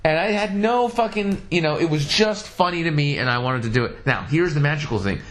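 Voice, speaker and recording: A man hosting a casual podcast, telling stories in a profane, animated way. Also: a little high, brisk. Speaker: podcast host.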